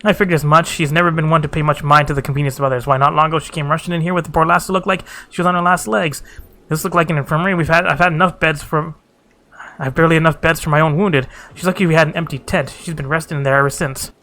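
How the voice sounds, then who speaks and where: A man's voice: fairly high pitch, fairly even intonation, fast, bright, forceful tone. A man reading a blunt, weary female camp commander in a game, with a folksy, dry complaining manner.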